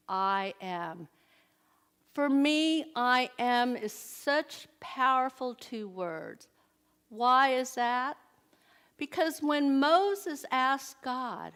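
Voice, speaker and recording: A woman's voice: sits high, a bit bright. A middle-aged woman giving a conversational sermon at a church service, often putting questions to the audience. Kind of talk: inspirational sermon.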